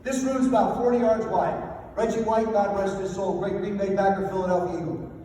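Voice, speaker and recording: Older male banquet speaker, humorous motivational storyteller, high-pitched, recorded at a distance in a reverberant hall. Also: fairly even intonation, a little fast, warm tone. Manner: anecdotal, self-deprecating storytelling. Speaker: after-dinner speaker. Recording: echoey hall from far off, faint noise.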